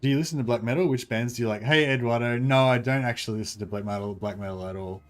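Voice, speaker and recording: A man with an Australian accent chatting casually while streaming a game, speaking quietly and mumbling, tired and sore, into a desk microphone set behind his keyboard. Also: medium pitch, fast. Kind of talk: casual livestream chat. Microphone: desk-stand microphone behind keyboard.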